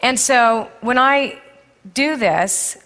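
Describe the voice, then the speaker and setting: A middle-aged woman who works as an intuitive counselor and speaker addresses a live audience at a conference, speaking candidly through stories and laughing frequently. Her voice is fairly high and a bit bright, and she talks very slowly. The large hall stage gives the sound a long reverb.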